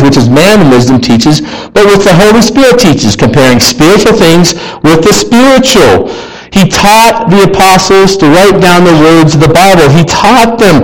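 Earnest higher-voiced male preacher. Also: poor audio. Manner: earnest, rising to animated emphasis and dropping to quiet asides. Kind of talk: sermon.

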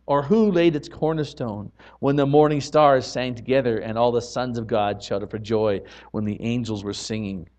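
A man delivers a sermon in a slightly raised voice, earnest and emphatic, swinging between hushed moments and forceful declarations. The recording sounds muffled and lo-fi. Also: fairly high pitch. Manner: earnest preaching, swelling to loud emphatic lines. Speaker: pastor.

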